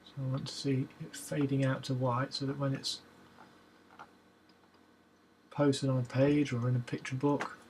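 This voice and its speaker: A man's voice: medium pitch, moderate pace, a little hiss or hum. A man casually talking through a photo edit on screen, muttering to himself as he works. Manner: relaxed, muttering to himself as he works, hums while waiting. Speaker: photo editing vlogger.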